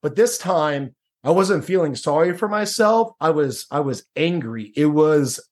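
A middle-aged man with a slightly high voice tells a personal story in a relaxed, conversational way. He restarts his sentences and leans on "like" and "dude.". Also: a little slow. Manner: casual, repeats words, says "dude" and "like". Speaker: podcast guest. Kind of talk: storytelling interview.

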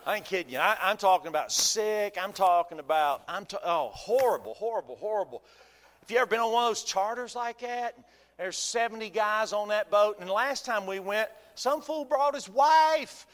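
A folksy male pastor preaching with a high, bright voice. He keeps the sermon animated with humor and questions to the congregation. His voice rings out with a long hall reverb, as in a church sanctuary.

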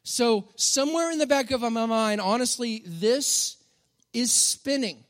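A man's voice: extremely high pitch, unhurried, fairly bright tone. A man, a pastor giving a conversational, humorous sermon that keeps checking in with the crowd.

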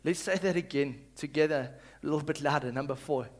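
A male pastor reading scripture and preaching, swinging between loud calls and hushed reading and leading the congregation to repeat after him. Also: fairly high pitch, brisk, few pauses. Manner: leads the congregation in call-and-response.

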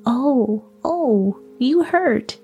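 A woman's voice: expressive, very slow, dark tone, highs cut off, faint music behind, full character voice. Woman doing a tiny pleading voice in a log. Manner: high and thin, giggly.

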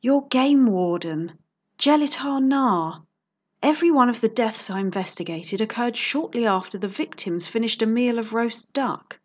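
Smug teasing lady detective, kinda sultry and a bit higher, woman voicing her. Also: lively intonation, normal speed, husky, lo-fi sound. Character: bold, sultry female private investigator.

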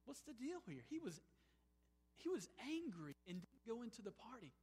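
A man preaching a sermon as a pastor, moving between emphatic, rising exclamations and quiet, pleading passages. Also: extremely high pitch, sing-song, normal speed, breathy edge, long reverb tail. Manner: emphatic, swings from soaring exclamations to hushed pleading.

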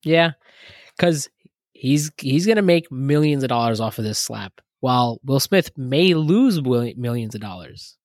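A man trading jokes on a casual podcast, animated and playful, his voice sitting in a fairly ordinary middle register. The sound is dry and close, with no room around it. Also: mid-range voice, a little slow, no room sound. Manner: joking, animated. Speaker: podcast co-host. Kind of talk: casual chat.

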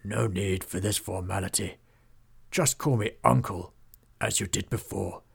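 A man's voice: lowish voice, unhurried, gravelly, slightly rough, heavily acted. A man voicing an elderly orc lord in a storybook reading, with a scratchy, aged voice that still carries authority. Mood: gentle. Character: elderly orc lord, kind but commanding.

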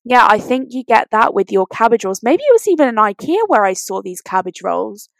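A woman's voice: on the high side, very animated, a little fast, vocal fry, no echo. Chatty woman, dry close sound. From Britain. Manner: chatty and enthusiastic, sprinkled with "you know". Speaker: podcast co-host. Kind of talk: casual chat.

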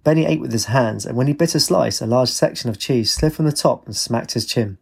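A man reading a story aloud in a steady, even storytelling manner. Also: mid-range voice, fairly quick, vocal fry, slightly rough. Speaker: narrator. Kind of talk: storybook narration.

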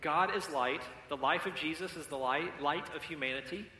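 A pastor with a pushed, bright, somewhat high voice preaches at a moderate pace in a church sanctuary, engaging his congregation directly and having them call out and repeat after him. The hall is echoey with a long reverb.

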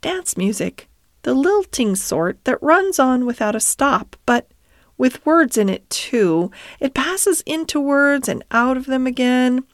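A woman voicing a dreamy, poetic male water rat in a storybook reading, murmuring in a hushed, languid way. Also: high voice, big pitch swings, slow pace, no echo, clean studio sound, voice pushed up, full character voice. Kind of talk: storybook character voice.

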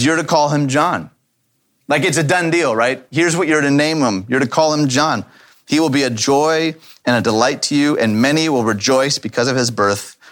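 A man's voice: medium pitch, fairly bright tone. Conversational man preaching a sermon. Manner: conversational, repeats words when thinking aloud; reads scripture then comments casually. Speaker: pastor.

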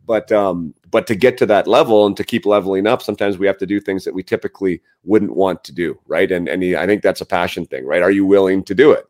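A man's voice: deep voice, quick pace, few pauses, a little mellow. A man hosting a podcast who talks in a conversational way, asks probing follow-up questions and often tags his points with "right?". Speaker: podcast host and coach. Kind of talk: casual interview.

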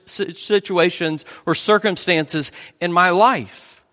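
A man preaching an earnest sermon as a pastor, often dropping to a hushed tone to stress a point. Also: sits high, takes it slowly, hardly any pauses, big-room sound.

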